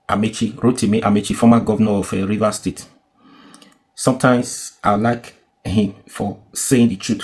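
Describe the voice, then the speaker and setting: A man from Nigeria gives loose, conversational commentary on a clip. He circles back, restarts his sentences, and fires off rhetorical questions. His voice sits at an ordinary middle pitch. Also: darkish tone.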